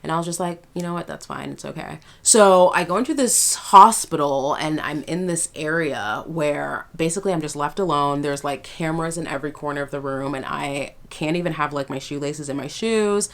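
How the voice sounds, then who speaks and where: Young woman, low voice, gravelly fry, casual storytime vlog, lots of fillers. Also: normal speed, hardly any pauses. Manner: casual, filler-heavy, emphatic retelling. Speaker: vlogger.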